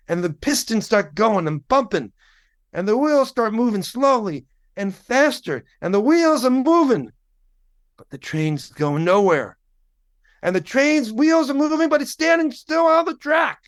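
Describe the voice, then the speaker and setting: A man's voice: sits high, big pitch swings, a little slow, voice pushed up, exaggerated voice. A man putting on the voice of a fervent female gospel singer who tells a parable in a rising, sermon-like cadence. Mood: building.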